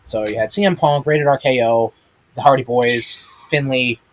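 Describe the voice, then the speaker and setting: A man's voice: mid-range voice, moderate pace. A man hosting a live-streamed wrestling chat, rambling with many ums and casual swearing. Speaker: podcast host. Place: streaming room with a big chat monitor.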